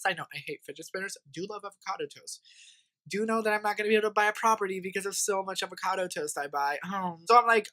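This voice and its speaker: A young man in his twenties telling a profane, animated story for his vlog, mocking the people in it. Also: high-pitched, quick pace. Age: 20s. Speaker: vlogger.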